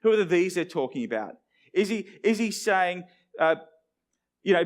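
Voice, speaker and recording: A man's voice: sits high, normal speed, pauses often. A middle-aged man, preaching a sermon and acting out the lines he quotes. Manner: animated, acts out quoted dialogue. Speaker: pastor.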